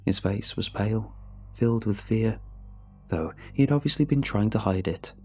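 A man reading a scripted horror story in a measured, somber way. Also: on the low side, dark tone. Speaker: narrator. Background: faint music.

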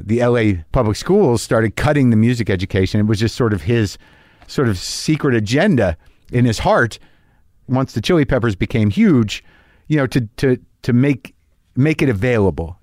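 A man's voice: mid-range voice, animated, moderate pace, a little mellow, no echo, studio quality. Rambling middle-aged male podcast host. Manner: rambling, self-deprecating, many restarts and fillers. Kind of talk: casual solo monologue.

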